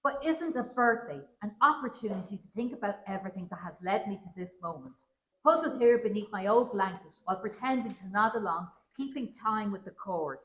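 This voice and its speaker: A woman's voice: mid-range voice, lively intonation, brisk. A woman, a children's author, reading a story aloud to an audience in a wry first-person voice. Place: large roomy museum hall at a public event. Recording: roomy event hall.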